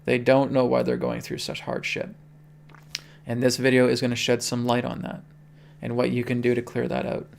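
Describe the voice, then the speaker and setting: A man's voice: mid-range voice, completely flat delivery, moderate pace, vocal fry. A man hosting a spiritual livestream, teaching in an earnest, pleading way and checking in often with his listeners.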